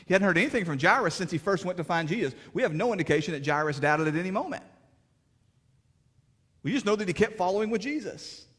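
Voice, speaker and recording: A man preaching a sermon as pastor, in plainspoken, folksy words, swinging between fervent raised passages and hushed, quiet stretches. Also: sits high, expressive, fast talker, breathy edge. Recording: reverberant hall.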